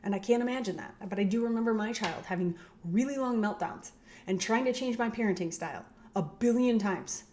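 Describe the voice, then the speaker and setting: A woman's voice: fairly high pitch, a little fast, a little mellow, slight background noise. A middle-aged woman chiropractor talking casually to parents, often adding "right?" and acting out quoted voices. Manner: conversational, tag questions, acts out quoted voices. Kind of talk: casual educational talk.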